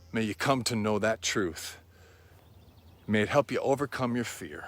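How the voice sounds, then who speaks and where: A man preaching a sermon in a slow, reflective and quietly earnest way. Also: lowish voice, animated.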